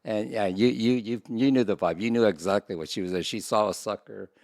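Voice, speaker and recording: A man with a very low, gravelly voice rambles through a story on a podcast, halting and restarting often. He is recorded close and dry. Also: a little mellow, dry recording. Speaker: podcast co-host. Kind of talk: casual chat.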